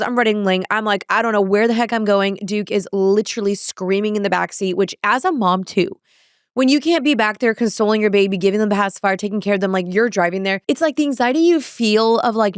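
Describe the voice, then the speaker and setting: A young woman hosting a podcast, telling a frantic everyday story in a casual, animated way, acting out her own reactions and peppering her talk with "like.". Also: mid-range voice, smooth, dry recording, studio quality. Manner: animated, breathless retelling with acted-out inner quotes; fillers "like" throughout. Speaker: podcast host.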